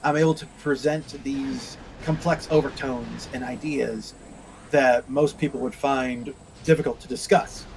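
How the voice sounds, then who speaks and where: A man's voice: mid-range voice, fairly even intonation, a little slow, gravelly, darkish tone, a little hiss or hum, poor audio. A man streaming a game, ranting sarcastically and crudely in casual chat. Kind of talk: casual chat while gaming.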